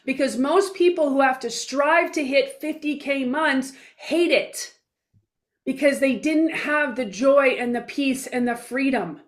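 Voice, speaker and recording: A woman's voice: high voice, measured pace. A woman in her forties speaking as a guest in an interview, blunt and emphatic, with mild swearing and little acted-out dialogues in her stories. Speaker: guest speaker, business coach. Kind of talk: casual interview talk.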